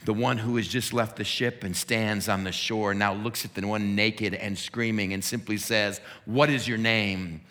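A man's voice: on the low side, little pitch movement, normal speed, hardly any pauses, fairly bright tone, big-room sound. A man preaching a sermon, retelling a scene in vivid, dramatic detail. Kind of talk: sermon storytelling.

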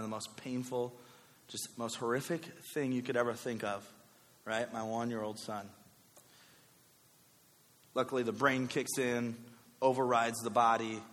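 Storytelling pastor in a reverberant hall. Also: male voice, medium pitch. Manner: conversational, animated storytelling with many asides. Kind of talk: sermon with personal story.

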